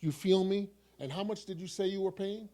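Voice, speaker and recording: A man's voice: high voice, fairly quick, mellow. A man with a New York accent from New York City, reading his own poem aloud with a wry, repeating refrain. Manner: wry, repetitive refrain delivery. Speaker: poet. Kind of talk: poetry reading.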